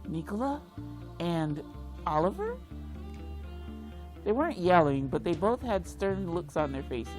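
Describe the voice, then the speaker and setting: A woman playing a video game and reading its text aloud, reacting loudly and dramatically. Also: fairly low pitch, sing-song, unhurried, pauses often, soft background music. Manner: reads dialogue aloud, with loud dramatic reactions. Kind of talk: let's play reading and reacting.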